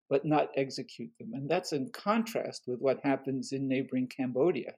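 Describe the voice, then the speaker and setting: A man, an author, explaining history in a thoughtful conversational way, pausing with fillers and restarting sentences. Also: mid-range voice, a little mellow. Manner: thoughtful, many fillers and restarts, quotes others in passing. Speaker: author discussing his book.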